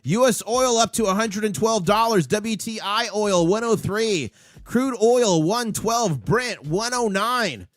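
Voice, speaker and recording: Excitable man rattling off market prices. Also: high-pitched, a little slow, no echo. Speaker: livestream host. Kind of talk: live market commentary.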